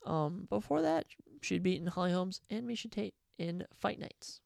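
A woman hosting a podcast, making casual sports predictions in a chatty, excitable way that keeps correcting itself. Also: fairly low pitch, normal speed, gravelly, no room sound, studio quality. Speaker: podcast host.

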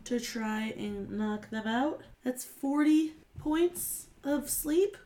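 A woman playing a tabletop game, chatty and quick as she works out her moves. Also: high voice, expressive, warm tone, slight background noise. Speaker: player.

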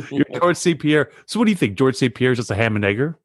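A man co-hosting a casual sports chat, animated and incredulous, teasing the others and laughing often. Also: mid-range voice, a little fast, slightly rough, no echo, clean studio sound.

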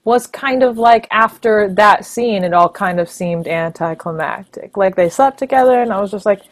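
A woman's voice: mid-range voice, moderate pace. A woman co-hosting a podcast, talking frankly and laughing as she reviews a movie. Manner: frank, blunt, laughs often. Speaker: podcast co-host. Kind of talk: casual movie review chat.

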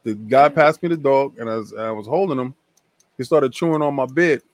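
A man, a guest telling a long story in a casual interview, animated and acting out other people's lines. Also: medium pitch, normal speed, no echo. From New York.

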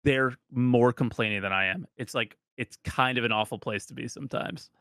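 A man's voice: mid-range voice, moderate pace, a bit bright, no room sound, clean studio sound. A man from New Jersey, a streamer guest on a podcast, chatting casually in a rambling, self-deprecating way.

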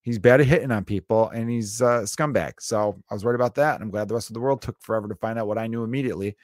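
A man's voice: lowish voice, fast, no room sound. Guy in his 30s ranting on his comedy podcast, swears a lot, dead dry room. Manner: profane, riffing, mock impressions. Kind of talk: comedic monologue.

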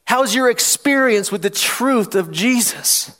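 A man's voice: very high-pitched, lively intonation, a little slow. A man preaching a sermon in church, reading scripture and calling out questions to the congregation for them to answer. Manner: call-and-response preaching, rising to loud challenges; reads scripture aloud with emphasis. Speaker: pastor.

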